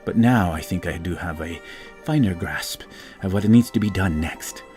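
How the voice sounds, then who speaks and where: A driven woman scholar of magic, issuing curt and focused commands, as a man acts her out. The voice is deep and plain, with soft music behind it. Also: normal speed, lightly acted.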